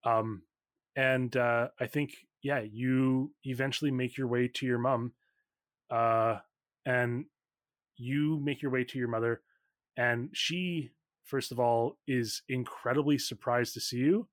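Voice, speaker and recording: A man narrating a tabletop game as game master in a quick, loose way, full of likes and ums. His voice sits in an ordinary middle range. The sound is dry and close. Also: mid-range voice, steady tone, dry recording.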